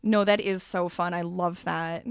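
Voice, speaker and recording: A woman's voice: on the low side, steady tone, measured pace, creaky, clean tone, dry recording, studio quality. A woman streamer chatting casually with her chat while she crochets. Her voice is slightly scratchy as she gets over an illness, and she laughs often. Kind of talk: casual crafting livestream chat.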